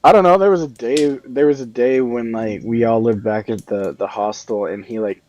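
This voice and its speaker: A man's voice: mid-range voice, normal speed, darkish tone, slight background noise. A man in casual, joking banter with friends, sick and coughing, often sarcastic. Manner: joking, sarcastic, slips into put-on accents. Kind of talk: casual banter while building. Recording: dull lo-fi mic sound.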